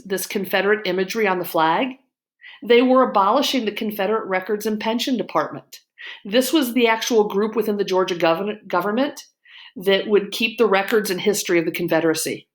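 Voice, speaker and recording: A middle-aged woman from Illinois talks like a history teacher, loose and opinionated. She fills her points with ums and you-knows. Her voice sits at an ordinary pitch for a woman. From Illinois, USA. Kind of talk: casual lecture-style commentary.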